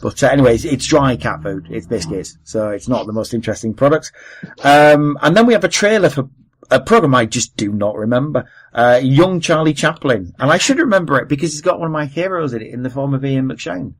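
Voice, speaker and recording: A man's voice: mid-range voice, expressive, fairly quick, poor audio. A man with a Welsh accent hosting a podcast, chatting casually with lots of fillers and asides. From Wales. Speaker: podcast host. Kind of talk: casual chat.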